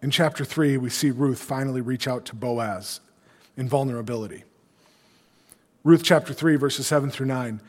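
A man's voice: medium pitch, normal speed. A man preaching a sermon, reading scripture aloud and retelling the story in casual, everyday dialogue. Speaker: pastor. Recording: long hall reverb.

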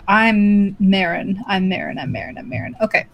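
A woman's voice: medium pitch, fairly even intonation, moderate pace, a bit bright. A woman playing in a tabletop game, joking with the others and laughing at herself. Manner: giggly, self-deprecating. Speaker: player. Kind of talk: casual tabletop play banter.

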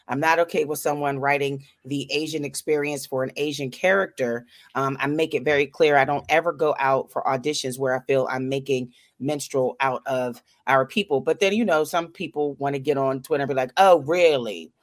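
Low-voiced woman co-host, laid-back. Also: fairly even intonation, fairly quick, few pauses. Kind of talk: casual chat.

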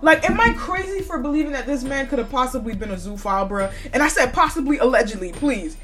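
A woman's voice: high voice, expressive, quick pace, over music. A woman hosting a podcast, giving blunt, profane opinions in casual chat and often breaking into laughter. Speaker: podcast host.

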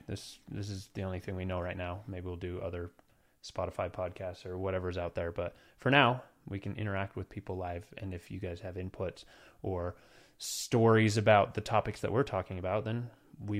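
Chatty joking man in his thirties. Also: deep voice. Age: 30s. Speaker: podcast host. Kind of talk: casual podcast chat.

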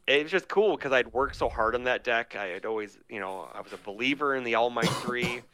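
A man co-hosting a podcast, rambling excitedly with lots of fillers in casual chat. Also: medium pitch, brisk. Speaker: podcast co-host. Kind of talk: casual chat about a card game.

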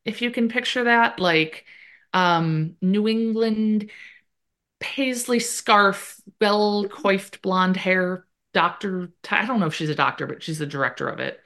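A woman co-hosting a podcast, recapping a TV episode in casual chat and acting out the characters' lines in quick quoted bits. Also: medium pitch, a bit bright. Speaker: podcast co-host.

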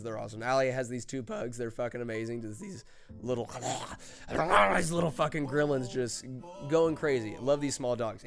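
A man hosting a podcast, telling a comedic travel story in a profane, emphatic, rambling way. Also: medium pitch. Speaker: podcast host. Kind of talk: casual comedic storytelling monologue.

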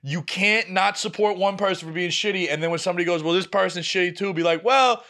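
A young man co-hosts a casual podcast in a bright, forceful voice that sits a touch high. He tells his stories in an animated way and acts out the lines of the people in them. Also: fast. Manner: animated storytelling, acts out quoted family members. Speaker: podcast co-host. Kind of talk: casual chat.

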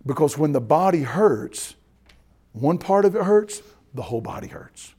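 Animated pastor preaching a sermon. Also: male voice, on the high side, a little slow, husky. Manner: folksy and animated, keeps asking "you ready?".

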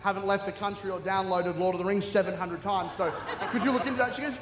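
This guest preacher, a middle-aged man from Australia, talks quickly in a high register and barely pauses, with noise in the background. His sermon is funny and animated as he performs the voices of characters in his stories. A large church hall gives the audio a strong echo and long reverb.

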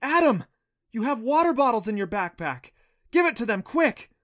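A man's voice: fairly high pitch, big pitch swings, fairly quick, a bit bright, no echo, clean studio sound. A man doing a fierce, bossy teenage girl. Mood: urgent. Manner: urgent and indignant.

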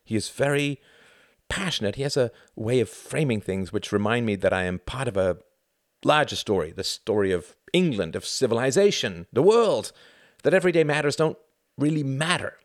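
A man reading aloud, voicing Tom, an earnest young man who talks with raised, excited enthusiasm. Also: mid-range voice, normal speed, no room sound, clean studio sound, pitched above the performer's own voice, natural voice. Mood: enthusiastic.

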